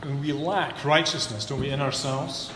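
A man preaching a sermon, building to emphatic peaks and then dropping low and earnest. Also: moderate pace. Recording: echoey hall with long reverb, faint room hum.

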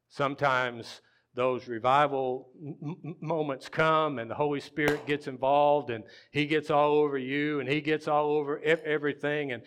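A man preaching a sermon, slow and earnest, pausing often and letting phrases trail off softly. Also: mid-range voice. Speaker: pastor.

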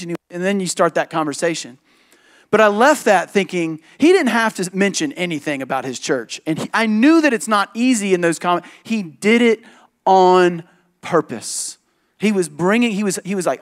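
A pastor preaching from the pulpit, his voice sitting high for a man. He tells stories with lots of animation and breaks into quick impressions of the people he describes, then lands his points with emphasis. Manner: animated storytelling, jumps into voices of others, emphatic. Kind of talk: sermon with personal story.

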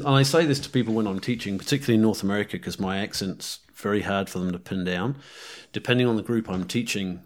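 A man in his forties with a blended New Zealand accent that drifts toward British, South African and Canadian. He talks in a rambling, chatty way, full of fillers. His voice sits a little low. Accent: mixed New Zealand, British, South African and Canadian. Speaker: guest, firearms instructor. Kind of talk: casual interview chat.

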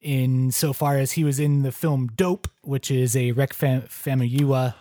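A man chatting on a podcast, explaining his pick in a measured way. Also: mid-range voice, flat delivery, mellow, no echo, studio quality. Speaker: podcast co-host. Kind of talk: casual chat.

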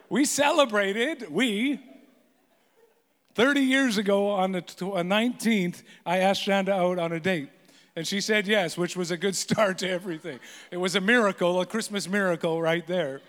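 Pastor, man, 50s, higher register, joking self-deprecating storyteller, reverberant hall. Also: a bit bright. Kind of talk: sermon with humorous stories.

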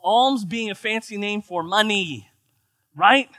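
A man from the United States preaching a sermon in an animated, joking, conversational way. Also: sits high, slow pace, no room sound. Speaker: pastor.

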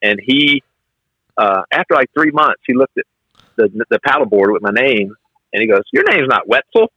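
A man talks through his fire-service stories in an animated, storytelling way, slipping into the voices of the people he quotes. His voice is bright and forceful, and the sound is dry and close with no room around it. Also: medium pitch, normal speed, no room sound, dull audio. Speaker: fire officer guest. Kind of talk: conversational storytelling interview.

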